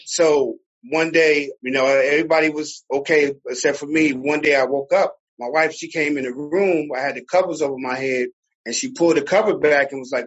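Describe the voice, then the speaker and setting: Husky New Jersey man on a dull line. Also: a little high, a little fast. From Newark, New Jersey. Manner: relaxed storyteller, fillers and laughs. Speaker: podcast guest. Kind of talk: casual conversation.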